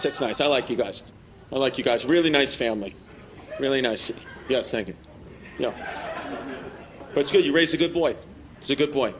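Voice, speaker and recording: A young man doing crude, teasing stand-up crowd work in a crowded airport terminal venue. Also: mid-range voice. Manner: brash, teasing, crude banter with audience. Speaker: stand-up comedian. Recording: noisy live crowd. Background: crowd laughter and terminal ambience.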